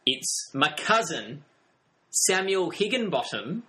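A man's voice: high voice, very animated, takes it slowly, pushed and bright, low-quality recording. A man co-hosting a film podcast, chatting casually and playfully, laughing often. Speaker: podcast co-host.

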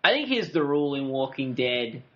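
A man's voice: mid-range voice, sing-song, moderate pace. A man co-hosting a casual podcast, rambling and chatty and laughing often. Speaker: podcast co-host. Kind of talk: casual recap chat. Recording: dull lo-fi audio.

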